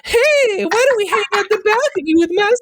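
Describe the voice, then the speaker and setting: A man doing a soft, airy, sing-song impression of a high-voiced male pop star on a comedy podcast. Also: animated, brisk. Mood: breathy sweet.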